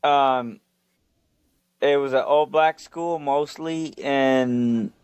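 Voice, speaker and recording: Slow, smooth-voiced man answering hesitantly. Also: mid-range voice, fairly even intonation, no room sound. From Southern California. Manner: hesitant, with ums. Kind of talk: casual interview answer.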